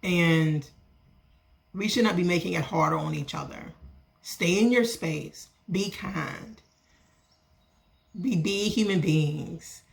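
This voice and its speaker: A woman, vlogging as a small business owner and telling a story in a casual, animated way. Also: takes it slowly, vocal fry, pauses often. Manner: animated, acts out other people's lines with lively pitch jumps. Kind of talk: casual storytelling rant to camera.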